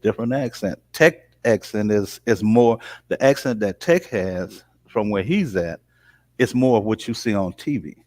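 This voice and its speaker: A man from the New Orleans area talks as a guest in a relaxed live-stream chat. His voice sits fairly low, and he explains things at an easy pace. The sound is dry and close. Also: normal speed, no room sound. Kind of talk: casual chat.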